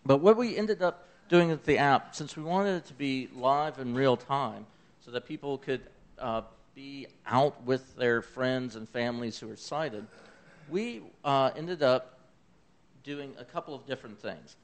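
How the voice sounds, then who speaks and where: A medium-pitched, unhurried male voice with a Southern accent belongs to a Memphis, Tennessee man presenting an eclipse accessibility project. His conference talk is enthusiastic and conversational, full of fillers and asides.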